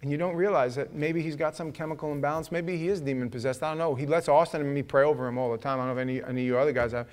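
A middle-aged male pastor preaches with a fairly high voice. He tells animated stories, acts out the other voices, climbs to loud shouts, then drops to a low, earnest tone. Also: very fast, hardly any pauses. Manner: animated storytelling, acting out voices, shouting at peaks. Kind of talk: sermon.

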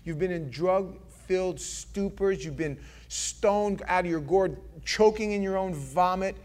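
A man preaching a sermon as pastor, earnest and pleading, dropping from loud passages to hushed ones. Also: high voice, unhurried.

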